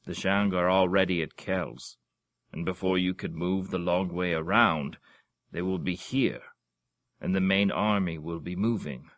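A man's voice: low voice, unhurried, a bit bright. A man doing a roaring old warrior duke. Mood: serious. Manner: roaring, blunt. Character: gruff old burly duke, blustering warrior.

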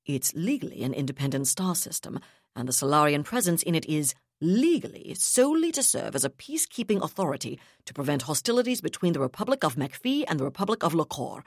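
Woman reading as a calm, steely naval captain. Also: low voice, no echo, studio quality, exaggerated voice. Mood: resolute. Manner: calm, firm, measured.

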